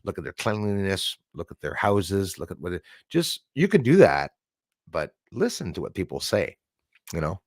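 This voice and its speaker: A low-pitched, sing-song voice at a moderate pace comes from a middle-aged man from Canada running a live stream. Chatty and prone to rambling, he laughs often while reading out viewer comments. It's a dry, clean studio recording.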